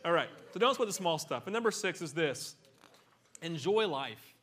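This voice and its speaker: Animated, joking preacher man. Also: fairly high pitch, normal speed. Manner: animated, conversational, joking asides. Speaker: pastor. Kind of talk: sermon.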